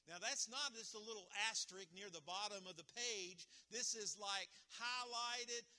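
A man preaching a sermon as pastor, animated and emphatic, often restarting his phrases. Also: sits high, moderate pace.

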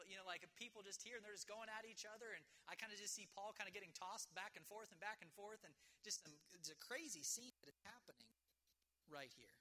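Bright-voiced man preaching a sermon. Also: high-pitched. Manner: conversational, earnest, with many fillers like "kind of" and "if you will"; slows down and stresses words when reading scripture aloud. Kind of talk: sermon with scripture reading.

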